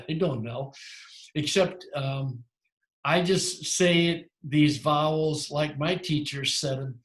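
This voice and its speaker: Speaking slowly in an echoey room, a male Greek teacher gives a long explanation to his language class. His slightly high voice keeps stopping to restart and self-correct.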